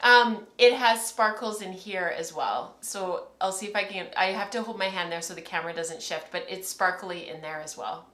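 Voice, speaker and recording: A woman's voice: on the low side, fairly even intonation, moderate pace, few pauses, a bit bright, echoey room. A woman in her thirties hosting a casual livestream from home, chatty and rambling, laughing often as she talks to camera. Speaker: podcast host.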